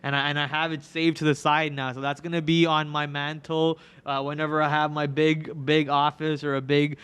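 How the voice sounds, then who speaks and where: A man's voice: on the high side, little pitch movement, normal speed, a bit bright, clear, resonant tone. A young man hosting a stock trading livestream, talking in loose, rambling casual commentary with lots of fillers. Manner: rambling, chatty, filler-heavy. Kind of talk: casual live market commentary.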